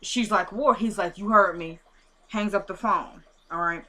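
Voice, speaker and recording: A woman's voice: mid-range voice, measured pace, sharp tone. A woman retelling a TV episode in a casual, chatty recap, acting out scenes through quoted dialogue and talking straight to her viewers. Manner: talks straight to viewers, addressing them as y'all.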